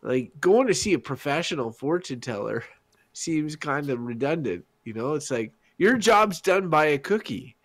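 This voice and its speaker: A man co-hosting a podcast, deadpan and rambling in casual chat. His pitch rises and falls with a lively range. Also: normal speed. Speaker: podcast co-host.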